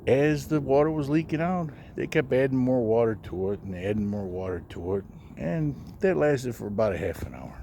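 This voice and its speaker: Male storyteller, mid pitch, very lively delivery with high-pitched quoted voices, faint noise behind. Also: moderate pace. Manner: animated, raising his voice high for quoted characters. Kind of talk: casual anecdote telling.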